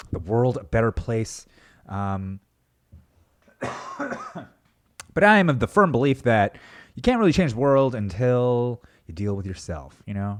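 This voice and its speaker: A young adult man hosting his own podcast, talking in a rambling, self-mocking way and swearing casually. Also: fairly low pitch. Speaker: podcast host. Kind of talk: casual solo podcast monologue.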